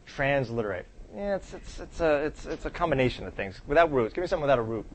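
A man's voice: medium pitch, animated, fast, a little hiss or hum. Chatty male teacher quizzing a class. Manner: conversational, quizzes the class, keeps asking "right?". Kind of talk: classroom lecture.

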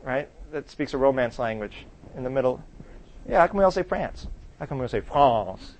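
A male teacher lectures in a classroom, talking loosely and conversationally. His pitch sits at an ordinary middle height. He keeps throwing questions at the class and tagging his points with "right?". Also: animated, moderate pace.

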